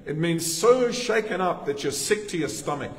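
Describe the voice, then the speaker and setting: Australian man, pastor, conversational sermon, slightly high voice, distant mic, long church reverb. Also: lively intonation, moderate pace. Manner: conversational preaching with asides and laughter. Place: church sanctuary.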